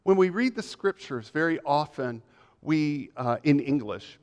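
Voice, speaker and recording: A male pastor delivers a measured, emphatic sermon full of repeated phrases. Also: fairly high pitch, animated, a little mellow. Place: church sanctuary. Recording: long reverb of a church hall.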